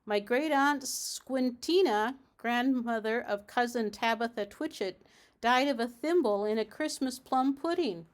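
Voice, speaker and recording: A proper lady cat hostess, prim and exacting, who turns cool and severe when contradicted, as a woman reading a storybook puts her on. she speaks in a crisp, measured way, close to the reader's own fairly high voice. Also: natural voice.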